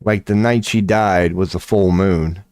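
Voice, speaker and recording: Man, toothless, low voice, dry close mic, casual stream rant, profane. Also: steady tone, unhurried, a little mellow, no room sound. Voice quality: toothless, slightly lisping when mouth is dry. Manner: loose and profane, laughing at himself. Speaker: streamer giving tarot readings. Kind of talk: casual livestream rant to chat.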